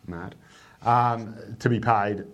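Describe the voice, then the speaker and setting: A man's voice: lowish voice, fairly even intonation, takes it slowly, muffled recording. A man, a newspaper editor talking bluntly and sardonically in an interview, swearing freely. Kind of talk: candid interview talk.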